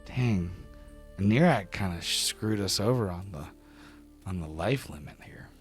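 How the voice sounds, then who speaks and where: A man's voice: sits low, measured pace, faint music behind. A man voicing a small, cheerful, hungry young man who talks eagerly. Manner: eager, excitable.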